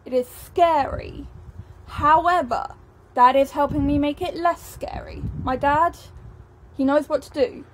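A woman's voice: high-pitched, slight background noise. A young woman from England vlogging casually, chatty and giggly, laughing at herself as she talks. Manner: chatty, giggly, self-mocking. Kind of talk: casual vlog talk.

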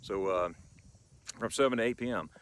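A man hosting a casual vlog lesson on ordering food in German, talking in a playful, enthusiastic way and slowing down for the German phrases. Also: fairly low pitch, a bit bright. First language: English. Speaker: channel host teaching German phrases.

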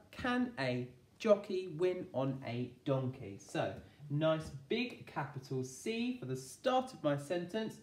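An English woman teaching a phonics lesson for young children, slowly sounding out words phoneme by phoneme with clear, encouraging delivery. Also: sits low, big pitch swings, a little mellow, far from the mic, faint music behind. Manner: slow, sounding out phonemes one by one. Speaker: primary school teacher. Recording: echoey room, voice from off-mic.

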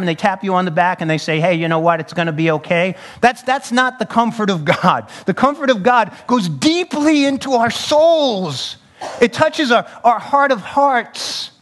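A man preaching a sermon as a pastor, fervent, with repeated phrases, casual slang and a conversational touch. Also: sits high. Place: church sanctuary.

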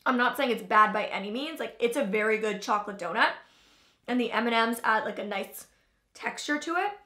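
A woman's voice: fairly high pitch, brisk, bright, forceful tone, roomy sound. A young woman hosting a casual taste-test vlog, chatting in a loose, filler-heavy way and talking between bites. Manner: chatty, filler-heavy, talks while chewing. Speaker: vlogger host.

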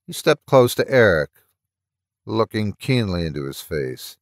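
A man reads a story aloud at a steady, measured pace. His voice sits low, and the close-miked recording is dry. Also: no room sound. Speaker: horror story narrator. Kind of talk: audiobook reading of a story.

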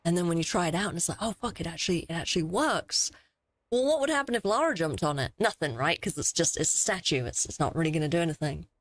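A young woman streaming a horror game, excitable and easily scared, swearing often as she plays. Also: lowish voice, rapid-fire, hardly any pauses, no room sound. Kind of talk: gaming commentary.

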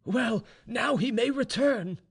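A man's voice: extremely high pitch, slow pace, creaky, slightly rough, pitched above the performer's own voice, heavily acted. A man voicing a fond, smiling old army general speaking to his daughter in a genial, coaxing way. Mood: cheerful.

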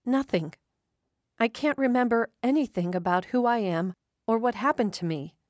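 A woman voicing a confused older woman who has lost her memory, hesitant and slow. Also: on the high side, darkish tone, no echo, clean studio sound, voice pushed up, lightly acted. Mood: bewildered. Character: confused older woman, injured amnesiac patient.

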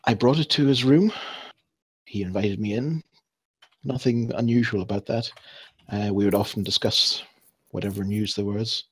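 A man voicing an injured woman who speaks flatly and without emotion in a tabletop game. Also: fairly low pitch, normal speed, slightly rough. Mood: flat, dazed. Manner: flat, emotionless storytelling.

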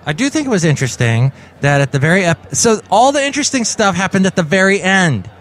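A man's voice: high-pitched, sing-song, fast talker, fairly bright tone. A man hosting his own daily podcast from home, rambling in a jokey, sarcastic monologue. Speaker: podcast host. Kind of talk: casual comedic monologue.

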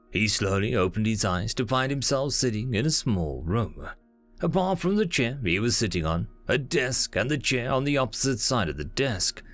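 Expressive man narrating a sci-fi story. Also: mid-range voice. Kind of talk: scripted narration.

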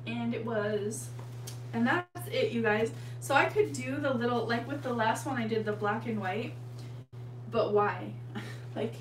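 A woman's voice: a little high, a little slow. A woman hosting a painting livestream, chatting casually and affectionately with her viewers. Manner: chatty and affectionate, addresses viewers as "you guys". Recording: echoey room, mic at a distance, steady hum.

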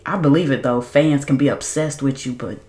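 A woman's voice: a bass voice, fairly quick, roomy sound. Outspoken woman reacting to a movie. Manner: loud, outspoken, laughs a lot, talks straight to viewers. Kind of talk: casual reaction commentary to viewers.

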